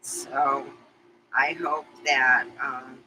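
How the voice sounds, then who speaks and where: A middle-aged woman speaks straight to her viewers in a confessional vlog. Her voice is sharp and very bright. She rambles candidly and emotionally, with casual swearing. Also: a bass voice, fairly even intonation, drawn-out words, slight background noise, poor audio. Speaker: vlogger.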